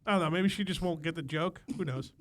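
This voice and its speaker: A young man co-hosting a comedy podcast, joking loudly with lots of laughter and swearing. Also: fairly high pitch, fast. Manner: loud, laughing, swearing banter. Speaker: podcast co-host. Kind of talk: casual comedy podcast chat.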